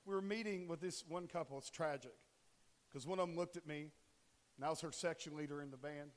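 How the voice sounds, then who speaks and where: Quick-paced and animated, this pastor in his forties has a fairly high-pitched voice. He gives a laid-back, joking sermon in a church sanctuary, regularly questioning the congregation, with long hall reverb on the recording.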